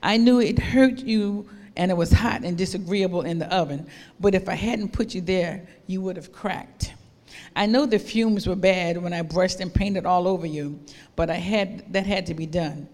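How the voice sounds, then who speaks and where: A woman voicing a gentle, patient old male potter who speaks calmly and steadily to the clay. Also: on the low side, normal speed, lightly acted. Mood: reassuring. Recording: long hall reverb.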